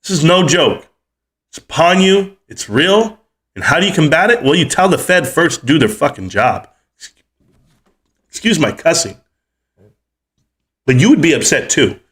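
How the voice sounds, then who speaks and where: A man's voice: on the high side, expressive, unhurried, long pauses, fairly bright tone. A man in his forties ranting heatedly on his livestream about the economy and stocks, cussing as he goes. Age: 40s. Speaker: livestream host.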